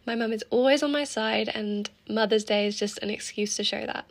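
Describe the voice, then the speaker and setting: A woman's voice: on the high side, fairly quick, gravelly. A teenage girl hosting her own podcast, chatting casually and upbeat with frequent laughs. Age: teens. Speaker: podcast host. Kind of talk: casual solo podcast chat.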